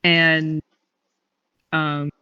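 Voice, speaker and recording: A woman's voice: sits low, little pitch movement, drawn-out words, sharp tone, clear, resonant tone, no echo, distant mic, muffled recording. A woman playing a tabletop game, giggly and hesitant with many fillers. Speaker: player. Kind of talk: casual tabletop play.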